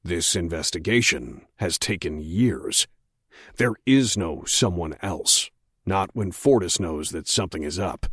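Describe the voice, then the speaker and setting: A man narrating an audiobook voices a cold, controlled male federal agent who speaks slowly and quietly threatens. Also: animated, husky, dry recording, clean studio sound, full character voice. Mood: cold, insistent. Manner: slow, low, quietly threatening.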